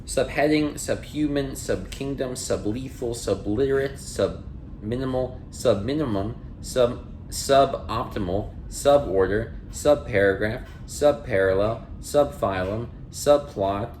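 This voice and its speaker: Male podcast host reading a dictionary aloud: steady word-by-word cadence, casual asides, mid-pitched voice, echoey room. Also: slow, a little hiss or hum. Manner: reads entry word, part of speech, then definition in a steady cadence; chatty and apologetic in asides. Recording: roomy echo.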